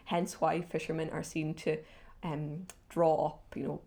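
A woman's voice: low voice, level tone, measured pace, dark tone. A woman in an academic conversation about folklore, enthusiastically retelling legends.

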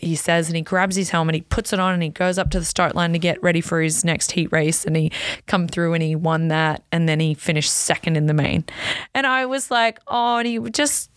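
A woman in her thirties tells a family story in a relaxed, chatty way, full of fillers and sudden excited leaps in pitch. Her usual voice sits on the low side. The recording is dry and close, with no room sound. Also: no room sound. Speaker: podcast host, racer's wife and mother. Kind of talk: casual personal storytelling.

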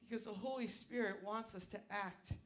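A male pastor preaching a sermon, swinging from loud, emphatic shouts to quiet asides, with a live object lesson on stage. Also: high-pitched, fairly even intonation, normal speed.

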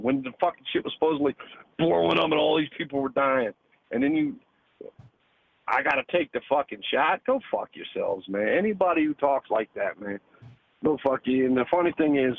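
A man's voice: medium pitch, gravelly, no room sound. A man calling in to a talk show, ranting heatedly and profanely, ending phrases with "man" and "dude". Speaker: caller. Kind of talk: heated call-in rant. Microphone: phone. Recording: phone-line audio.

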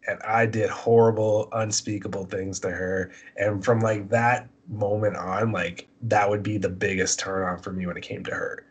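A man's voice: fairly low pitch, steady tone, normal speed, hardly any pauses, husky. A young man telling crude stories in casual chat as a podcast co-host, laughing often.

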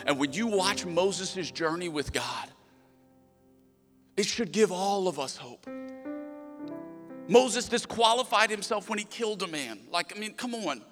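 A man with a Southern US accent preaching a sermon, surging to loud emphatic peaks and dropping low for quoted asides. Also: expressive, moderate pace, big-room sound, faint music behind. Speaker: pastor.

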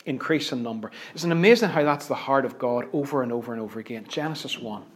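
A man with a Northern Irish accent preaching a sermon, driving points home by repeating phrases and swinging between hushed asides and loud stresses. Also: medium pitch, fast, husky.

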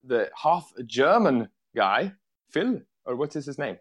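A man co-hosting a podcast in casual chat, excitable, laughing often and tripping over his words. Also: medium pitch, slow, husky. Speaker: podcast co-host.

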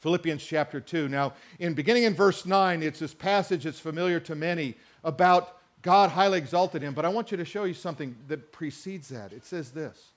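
A man preaching a sermon, reading scripture slowly and with emphasis and calling on the congregation to answer. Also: on the high side.

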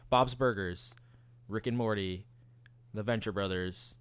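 A man's voice: lowish voice, measured pace, clean tone. A man co-hosting a podcast in casual, enthusiastic chat, with lots of "like". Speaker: podcast co-host.

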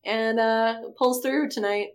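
A woman's voice: a little high, steady tone, takes it slowly. A young woman co-hosting a casual podcast, making dry, wry remarks and laughing. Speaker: podcast co-host. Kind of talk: casual chat.

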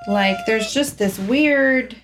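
Relaxed woman in her thirties, dry humor. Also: fairly high pitch, takes it slowly, a little hiss or hum. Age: 30s. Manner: relaxed, dry, gives many short agreeing replies. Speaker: podcast co-host. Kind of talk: casual chat.

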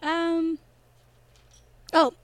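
A woman's voice: extremely high pitch, completely flat delivery, extremely slow. A chatty woman co-hosting a podcast, rambling and laughing as she recaps a TV episode in casual chat. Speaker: podcast co-host.

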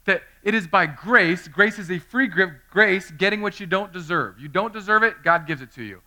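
A man preaching a sermon, telling a story with animation and acting out quoted voices, swinging between loud and hushed delivery. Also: high voice, lively intonation, moderate pace. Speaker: pastor.

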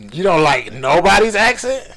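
High, lively, laughing man. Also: measured pace, rough recording. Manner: playful, laughs often, ribbing others. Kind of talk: casual chat.

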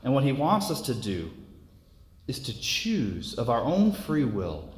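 A male preacher gives a sermon at a middle pitch, earnest and unhurried, often doubling back on words. His voice rings through a roomy hall with a long reverb trailing each phrase. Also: a little mellow.

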